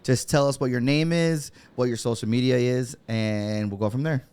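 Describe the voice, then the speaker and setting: A man's voice: mid-range voice, moderate pace, darkish tone, smooth. A laid-back, joking man, hosting a casual chat in a podcast studio. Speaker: podcast host.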